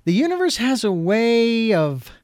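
A man's voice: very high voice, big pitch swings, measured pace, a little mellow, no room sound, studio quality. A man hosting a talk show, speaking in a folksy, reflective way with fillers and restarts. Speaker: radio show host. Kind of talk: casual talk show conversation.

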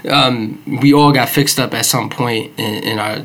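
A man's voice: medium pitch, steady tone, unhurried, a bit bright, low-quality recording. A man hosting a casual podcast chat, joking and teasing in street slang as he asks questions. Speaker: podcast host.

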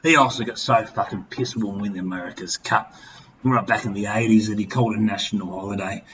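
A man's voice: lowish voice, steady tone, quick pace, a bit bright. A tipsy Australian man in his fifties hosting a podcast, rambling crudely and swearing constantly. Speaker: podcast host. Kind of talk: boozy comic rant. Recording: slightly dull with faint noise.

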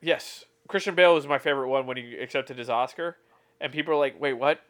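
Male co-host, mid-pitched, casual and chatty. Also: fast talker. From California. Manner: chatty, animated when quoting people. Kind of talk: casual chat.

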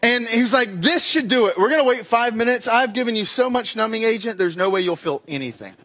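A man's voice: very high-pitched, lively intonation, brisk, a bit bright. A young man telling a comic personal story in a talk, acting out the dialogue and making sound effects. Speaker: speaker giving a weekly message.

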